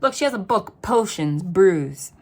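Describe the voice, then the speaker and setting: A woman reading tarot in a casual vlog, chatty and rambling, telling animated stories full of quoted dialogue. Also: mid-range voice, unhurried. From New Jersey. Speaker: tarot reader.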